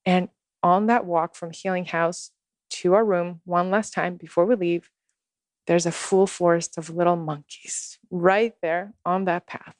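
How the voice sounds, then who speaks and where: Woman guest, low-ish voice, earnest unhurried storyteller, dry close sound. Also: fairly even intonation, no room sound. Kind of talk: personal storytelling in conversation.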